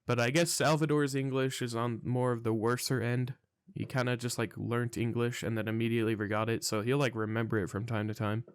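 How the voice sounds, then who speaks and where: A young man tells a rambling, profane story in a casual vlog monologue, sounding incredulous. His mid-range voice has little pitch movement and a brisk, smooth delivery, with no echo.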